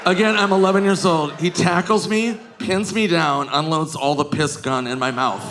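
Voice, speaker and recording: A man in his forties doing stand-up, telling stories in an animated way that jumps into loud shouts on a comedy stage. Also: a little high, moderate pace. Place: comedy stage before a live audience. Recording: live comedy club, audience noise.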